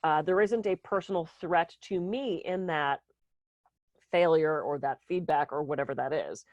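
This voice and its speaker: A woman with a low, darkish voice talks at a normal pace in a dry recording. She co-hosts a podcast as a speaker and coach, sharing candid, self-deprecating stories about herself in a casual chat.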